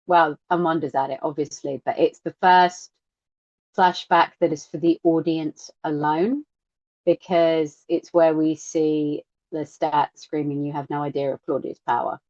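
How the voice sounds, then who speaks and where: A woman co-hosting a podcast in casual chat, animated and acting out quotes in lively voices. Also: low-pitched, unhurried, dry recording. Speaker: podcast co-host. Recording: dull lo-fi sound.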